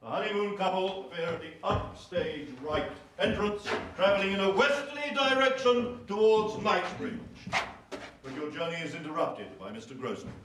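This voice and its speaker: A dry, exacting Victorian director. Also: male voice, high-pitched, lively intonation, moderate pace, roomy sound, background noise. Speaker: stage director rehearsing actors. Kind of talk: period film acting.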